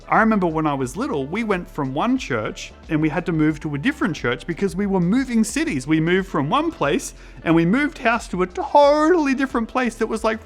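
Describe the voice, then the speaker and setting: Lively Australian man telling kids a story. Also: high-pitched. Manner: animated, acts out voices in his stories. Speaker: children's preacher.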